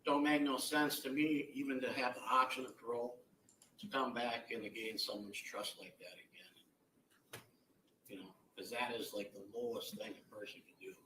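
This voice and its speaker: Middle-aged man, blunt and halting, bright forceful tone, courtroom feed with echo and distance. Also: medium pitch, fairly even intonation, a little hiss or hum. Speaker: victim's relative giving impact statement. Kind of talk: courtroom victim impact statement. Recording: echoey courtroom audio from far off.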